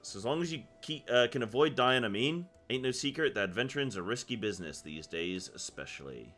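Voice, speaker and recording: A man's voice: mid-range voice, lively intonation, a little fast, fairly bright tone, natural voice. A man reading as a chatty ship merchant. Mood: friendly. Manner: reading game dialogue aloud in his own voice.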